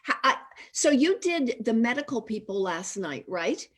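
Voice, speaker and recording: A woman hosting a casual chat over a video call, a lively, chatty storyteller. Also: fairly high pitch, normal speed. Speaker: host.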